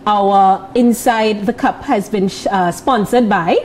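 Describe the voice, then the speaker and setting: A woman's voice: mid-range voice, slow, darkish tone, rough recording. A woman co-hosting a morning television show, leading the segment and the cooking in an upbeat way. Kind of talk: casual morning TV chat.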